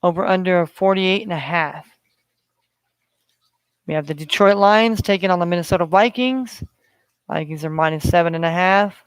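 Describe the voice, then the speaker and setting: A man's voice: high-pitched, moderate pace, long pauses, smooth, no room sound. A man hosting a solo sports betting podcast, talking in a rambling way with many fillers. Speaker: podcast host.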